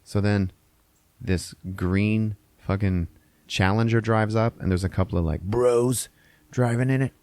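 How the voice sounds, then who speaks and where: Low-voiced man casually recapping a movie. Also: a little slow, a little mellow, no room sound. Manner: retells scenes with acted-out quotes and frequent swearing. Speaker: podcast host.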